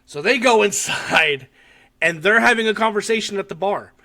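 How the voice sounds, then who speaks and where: A man hosting a podcast, casually recapping a short film with animated, profane storytelling and frequent laughter. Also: high voice, moderate pace. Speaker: podcast host.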